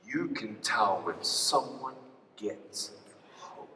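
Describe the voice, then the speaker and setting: A man giving a live motivational talk, telling a personal story in an animated way and acting out the dialogue. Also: medium pitch, very slow, recorded from a distance, a little hiss or hum. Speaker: motivational speaker. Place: large hall before an audience. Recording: echoey hall picked up from afar.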